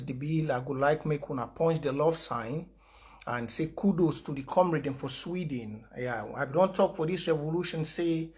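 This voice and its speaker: Brief: high-voiced Cameroonian man, livestream activist, pidgin-English mix, forceful repeated points. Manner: impassioned, emphatic repeated declarations; mixes pidgin and English with frequent fillers. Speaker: activist host of an online broadcast. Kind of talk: livestream address to followers.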